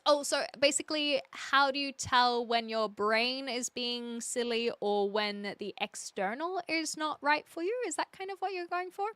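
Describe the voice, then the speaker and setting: A young woman live streamer chatting casually with her viewers, reading their comments aloud and thinking out loud in a chatty, indecisive way. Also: a little high, expressive, normal speed, hardly any pauses, no room sound.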